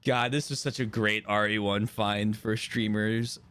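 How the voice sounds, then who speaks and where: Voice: medium pitch, fairly even intonation, measured pace, a bit bright, a little hiss or hum. A co-commentator on a live game stream, laughing often and teasing the player. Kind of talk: casual live-stream banter.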